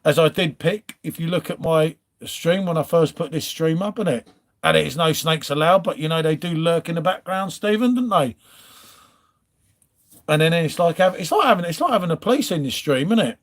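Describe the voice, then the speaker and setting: A man's voice: fairly high pitch, normal speed. A middle-aged man, hosting a live stream in casual chat and greeting viewers by name. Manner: chatty, reads viewer names, trails off and restarts.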